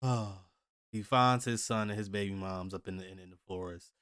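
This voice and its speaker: A man's voice: on the low side, steady tone, moderate pace, a bit bright, smooth, no room sound, clean studio sound. A man hosting a comic reaction video, reading the chapter aloud and reacting casually, often thinking aloud with hesitant restarts. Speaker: host.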